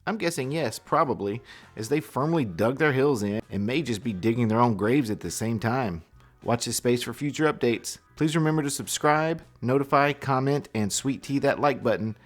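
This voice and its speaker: A man's voice: mid-range voice, lively intonation, normal speed, faint music behind. A man hosting a video commentary channel, narrating a script with wry, sarcastic remarks.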